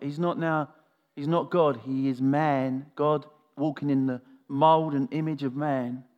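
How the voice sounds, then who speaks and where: A man preaching a sermon, retelling a scripture story with expressive, earnest delivery. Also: medium pitch, highs cut off. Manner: expressive storytelling, shifting from animated to soft and earnest.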